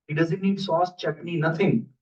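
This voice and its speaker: A man's voice: fairly high pitch, fairly even intonation, normal speed, a little mellow, muffled recording, natural voice. A man voicing a group of anxious gods pleading for help, in a roomy hall with the voice heard from a distance.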